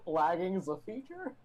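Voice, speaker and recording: A man's voice: high-pitched, low-quality recording. A man chatting casually as a tabletop game player, exasperated and joking. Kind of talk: casual chat.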